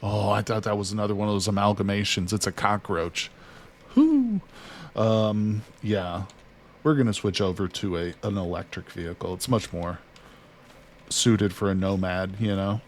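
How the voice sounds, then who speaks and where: A man with a lowish voice talking through a survival game in a loose, chatty way. He narrates his moves and talks to his character as he goes. Faint background noise sits under his voice. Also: little pitch movement, moderate pace. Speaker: gaming streamer. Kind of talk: casual let's-play commentary.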